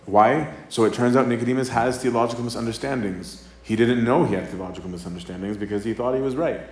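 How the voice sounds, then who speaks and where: A man's voice: mid-range voice, fast talker. A male priest giving a casual, conversational sermon talk. He acts out quoted dialogue and keeps checking in with "right?". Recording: roomy live talk with faint ambience.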